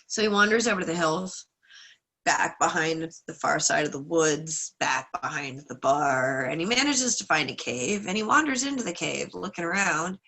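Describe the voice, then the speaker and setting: A woman leading a class, telling a trickster folk tale in a lively, chatty way with asides. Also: low-pitched, moderate pace. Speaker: class leader. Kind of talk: casual storytelling lesson.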